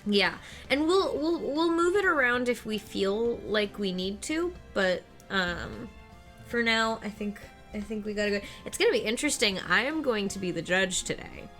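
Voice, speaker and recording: A woman's voice: medium pitch, lively intonation, moderate pace, fairly bright tone, faint music behind. A woman streamer chatting playfully and giggling with her co-host before playing a game. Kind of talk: casual chat on a game stream.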